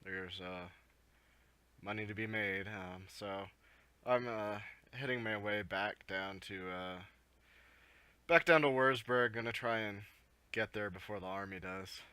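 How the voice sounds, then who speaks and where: Wary lone traveler, gruff and guarded, low and unhurried, voiced by a man. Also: pushed and bright, dry recording. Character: wary armed male traveler leading a donkey.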